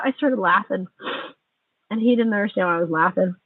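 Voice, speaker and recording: A woman in her forties speaks at medium pitch and a fairly quick pace, with no echo, through a tinny, distant phone mic. It's an angry venting monologue on a livestream, bitter, sarcastic and loaded with swearing.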